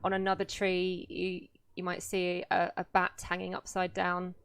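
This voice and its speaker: A woman running a tabletop game, narrating scenes to her players in an unhurried, descriptive way. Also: on the low side, monotone, creaky, a bit bright, clear, resonant tone, no room sound. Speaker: game master.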